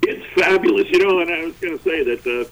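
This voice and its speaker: A man's voice: on the high side, expressive, quick pace, a bit bright, poor audio. A man telling a long rambling story as a radio guest, self-deprecating and full of fillers. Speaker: guest, former comedy performer.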